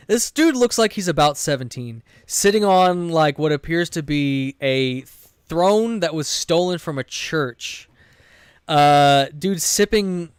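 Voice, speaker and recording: A man streaming a game while retelling a tabletop session he ran, rambling, swearing freely and breaking off mid-sentence. His voice sits a little high and comes through smooth and clear. The sound is close and dry. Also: no room sound. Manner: rambling, profane, self-interrupting. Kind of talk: casual storytelling while gaming.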